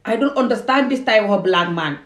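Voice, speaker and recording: A woman's voice: medium pitch, lively intonation, fairly quick. A woman from Gambia ranting heatedly and emphatically in a self-filmed commentary video. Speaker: vlogger.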